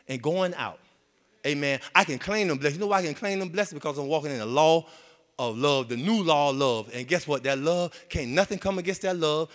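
A man's voice: a little high, a bit bright. A man preaching a sermon in a folksy, repetitive way, with many amens and restarts. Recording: long hall reverb.

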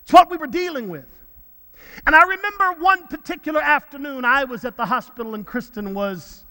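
A male pastor preaching in a church, his voice set very high for a man and bright and forceful. He speaks earnestly, often stumbling over repeated words, and a long reverb from the sanctuary hangs behind him. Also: a little fast. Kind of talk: sermon storytelling.

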